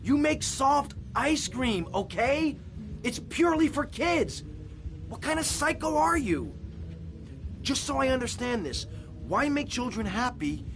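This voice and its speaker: A man's voice: very high voice, wildly swooping pitch, unhurried, creaky, fairly bright tone, slight background noise, exaggerated voice. An actor playing an impatient tough criminal in a video game cutscene, snapping at the man in front of him. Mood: exasperated. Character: exasperated tough male criminal protagonist.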